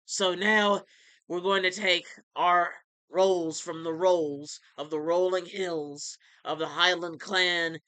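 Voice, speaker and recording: A man in his late twenties doing a profane, erratic comedy vlog in the style of a well-known internet character, with shouting bursts. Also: high-pitched, steady tone, slow, clean tone, dry recording. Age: 20s. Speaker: amateur comedy YouTuber. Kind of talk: crude ranting comedy vlog.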